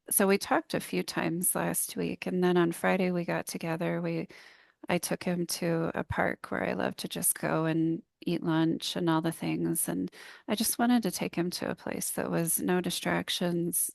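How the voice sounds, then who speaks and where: A woman's voice: on the low side, vocal fry, no room sound, clean studio sound. A woman, a business coach and public speaker, telling an earnest, heartfelt story in a casual podcast conversation.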